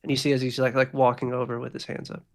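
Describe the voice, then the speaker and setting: A man's voice: medium pitch, level tone, fast talker. A man narrating as dungeon master in a loose, casual way, full of fillers. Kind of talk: narrating a tabletop game.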